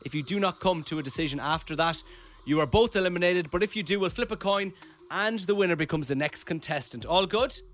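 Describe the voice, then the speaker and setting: A man hosting a radio phone-in game in a brisk, upbeat presenter manner. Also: sits high, fairly bright tone. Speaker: radio host running a game.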